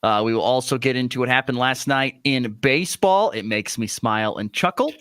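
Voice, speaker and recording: A man hosting a morning sports radio show from a studio, talking casually with lots of "uh" fillers and lively pitch swings. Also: brisk, clear, resonant tone, no room sound. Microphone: studio microphone.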